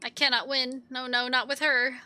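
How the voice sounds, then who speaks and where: Cast: woman voicing a squeaky, melodramatic little foreman, fussy and boastful, with a sharp edge to the voice. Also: little pitch movement, normal speed, soft background music. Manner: repeats himself in breathless strings of synonyms.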